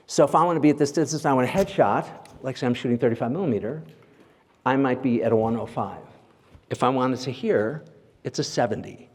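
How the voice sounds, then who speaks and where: A man of middle pitch talks casually through a lecture, with a loose, chatty delivery full of asides and quick check-ins with the room. His voice carries a long reverb from the big hall he speaks in. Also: husky. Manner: chatty and conversational, leans on "like" and "right?" checks with the audience. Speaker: guest lecturer, portrait photographer. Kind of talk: informal lecture to a live audience. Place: large lecture hall at a symposium.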